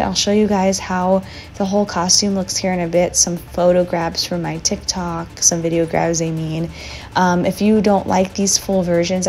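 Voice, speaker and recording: Low, gravelly-voiced young woman vlogger. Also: slight background noise. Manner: chatty, relaxed, a little slow and sleepy. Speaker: beauty vlogger. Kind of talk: makeup tutorial voiceover. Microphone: voice memo recording.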